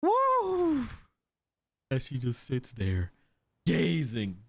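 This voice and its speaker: A man reacting to an anime episode in casual commentary, swearing and laughing often and jumping into high yelps when startled. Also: big pitch swings, measured pace, fairly bright tone, no room sound. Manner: frequent laughter and profanity.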